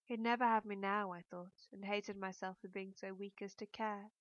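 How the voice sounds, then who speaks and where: A woman's voice: mid-range voice, fairly even intonation, no echo. Woman reading a novel in first person, medium voice, dry dull-sounding mic. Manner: measured, introspective reading. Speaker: audiobook narrator. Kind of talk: first-person audiobook narration.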